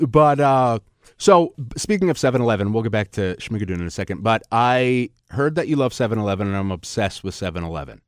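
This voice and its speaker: A man's voice: fairly low pitch, animated, fast, no echo. Brief: male host, rambling and laugh-prone, dry close sound. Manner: rambling, restarts questions, laughs often. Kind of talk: casual interview chat.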